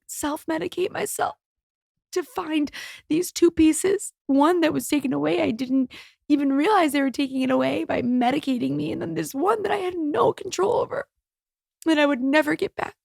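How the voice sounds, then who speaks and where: A woman in her thirties speaks in a high voice, thick with vocal fry. She hosts her own podcast and talks in a raw, heartfelt way, swearing casually along the way. The sound is close and dry, with no room around it. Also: normal speed, darkish tone, no room sound. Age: 30s. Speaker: podcast host. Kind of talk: personal podcast monologue.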